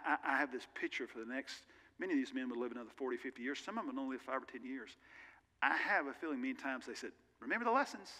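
A man's voice: mid-range voice, sharp tone. A male pastor preaching a sermon in an earnest, conversational way with candid personal asides, recorded in a church sanctuary. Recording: long reverb of a large church hall.

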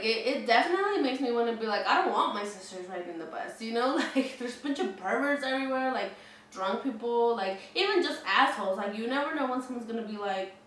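A chatty young woman in her twenties tells a story, leaning on "like" and swearing freely, in a slightly high voice. She is recorded from a distance in a very echoey room with faint noise behind her. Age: 20s. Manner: chatty, heavy use of "like", frequent swearing. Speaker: vlogger. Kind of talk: casual storytelling.

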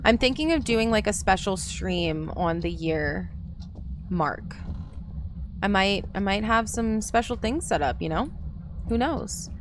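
A woman's voice: mid-range voice, lively intonation, unhurried, a little hiss or hum. A woman streaming a game, chatting casually and talking to her viewers by name. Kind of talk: casual live-stream chat while gaming.

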